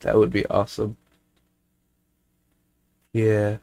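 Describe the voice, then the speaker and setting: A man's voice: lowish voice, completely flat delivery, takes it slowly, creaky, a little mellow, no echo. Sick young man chatting on a podcast. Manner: rambling, playful. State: sick, coughing and sniffly. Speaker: podcast co-host. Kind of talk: casual chat.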